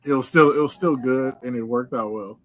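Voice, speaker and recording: A man telling anecdotes in a casual podcast chat, animated and laughing through his stories. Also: medium pitch, fairly quick, low-quality recording.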